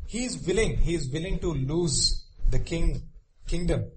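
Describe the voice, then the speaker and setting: A man's voice: on the high side, animated, measured pace, slight background noise, rough recording. A man preaching a sermon earnestly, restarting phrases often and turning to his listeners. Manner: earnest, repetitive, with frequent restarts and you-knows.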